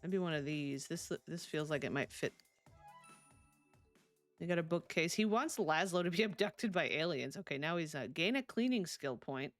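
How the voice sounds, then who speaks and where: A woman's voice: low-pitched, animated, normal speed, soft background music. A woman streaming a life-sim game, chatting casually and laughing often as she answers her chat. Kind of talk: casual live-stream chat while playing.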